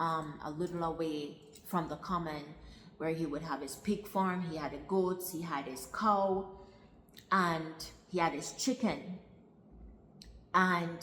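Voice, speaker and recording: Woman, storytelling vlogger, low voice, roomy hall with long reverb. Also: a little hiss or hum. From Jamaica. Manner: meandering, with restarts and repetition. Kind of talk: personal storytelling.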